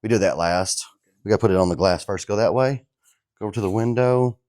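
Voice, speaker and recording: A man's voice: lowish voice, quick pace, a little mellow. Laid-back man filming a garage how-to. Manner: joking, laid-back, talks to viewers as guys. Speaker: DIY truck builder. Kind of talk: casual how-to vlog.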